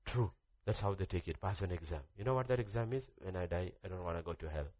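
A man's voice: sits low, fast, a little mellow, no echo. A man preaching a sermon, repeating key phrases and putting questions to the congregation. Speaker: pastor.

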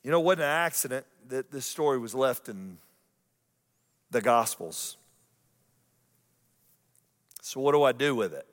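Man preaching in a reverberant sanctuary. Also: mid-range voice. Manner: dramatic swings between loud emphasis and hushed intimate lines; repeats key phrases slowly for emphasis. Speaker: pastor. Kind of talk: sermon. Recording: long hall reverb.

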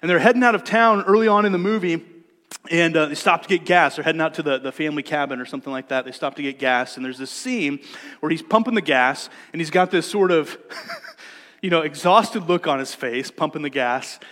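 A man preaching a sermon as pastor, in a relaxed conversational way that often repeats words as he restarts. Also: on the high side, fairly quick. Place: church sanctuary. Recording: long church reverb.

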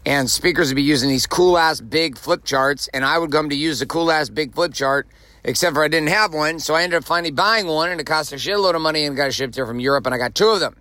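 A man's voice: on the high side, fast, sharp tone, no echo. A man hosting a motivational podcast from his car while driving, talking bluntly and emphatically, swearing freely and repeating phrases for punch. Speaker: podcast host. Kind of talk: profane motivational monologue. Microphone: recorded while driving.

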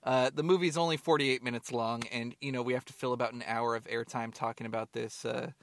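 A man's voice: mid-range voice, fairly even intonation, a little fast, a little hiss or hum. A man co-hosting a podcast, joking, rambling and swearing freely in casual chat. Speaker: podcast co-host.

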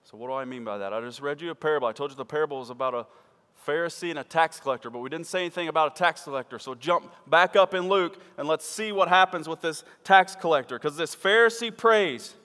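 Guy preaching a sermon, kinda high voice, big loud bits then quiet, echoey church hall. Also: quick pace, clean tone. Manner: swings from loud emphatic peaks to quiet low asides. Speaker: pastor. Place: church sanctuary. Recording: church hall with long reverb.

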